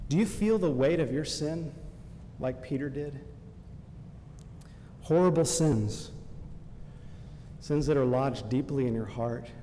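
A man pastor preaching a sermon earnestly, slowing down for emphasis and softening his voice for quotations. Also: mid-range voice, big-room sound, slight background noise.

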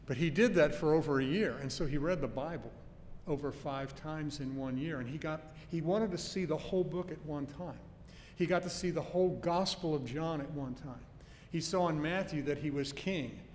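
A man's voice: normal speed, few pauses, darkish tone. A man preaching an expository sermon, teaching earnestly with emphatic stresses and homely anecdotes. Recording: long hall reverb with faint low rumble.

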